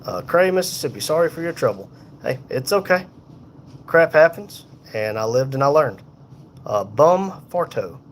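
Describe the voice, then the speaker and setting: A man's voice: a little high, lively intonation, a little hiss or hum. Tired man chatting from a hospital bed. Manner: unhurried, folksy, reads viewer comments aloud. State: in pain, tired. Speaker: livestream host reading chat. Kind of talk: casual live chat. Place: hospital room.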